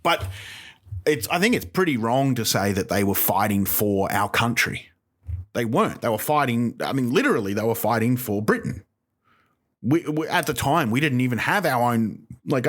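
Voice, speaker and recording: A man's voice: mid-range voice, lively intonation, moderate pace, fairly bright tone. A man with a mid-range voice, ranting in stand-up comedy style. He rambles, swears constantly and leans on sarcasm. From Australia. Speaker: comedian, podcast host.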